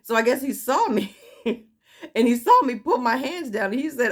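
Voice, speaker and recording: Lively woman telling a story. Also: a little high, normal speed. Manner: animated, laughing, acting out quotes. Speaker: vlogger. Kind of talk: casual storytelling.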